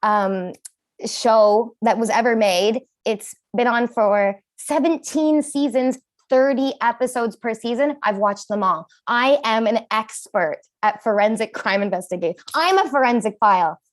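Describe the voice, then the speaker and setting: A woman doing a self-deprecating stand-up comedy set with animated punchlines. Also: fairly high pitch, measured pace.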